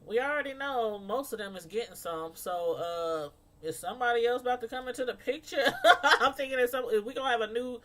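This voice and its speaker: A woman's voice: a little high, moderate pace. Chatty woman recapping a TV episode. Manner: chatty and animated, acts out quoted lines. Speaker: TV show recap host.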